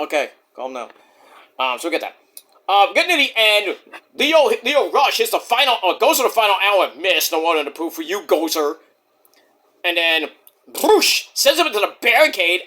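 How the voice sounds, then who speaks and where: Brief: lively, bright-voiced male wrestling reviewer, jokey and foul-mouthed. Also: high-pitched, moderate pace. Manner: rambling, joking, profane. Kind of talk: casual recap vlog.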